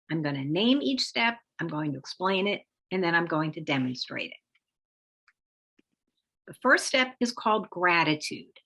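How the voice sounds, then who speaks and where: A woman presenting an instructive webinar talk as a parenting expert, speaking in a measured, explanatory way. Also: fairly low pitch, a bit bright. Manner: measured, explanatory, acts out example phrases for parents.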